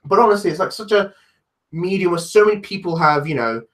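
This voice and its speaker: A man with a London accent talks loosely on a live stream, answering chat as he goes. His voice sits a little high, and his talk wanders with false starts and self-deprecating remarks. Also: lively intonation, brisk, a bit bright. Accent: London English. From London, England. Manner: rambling, self-deprecating, many restarts.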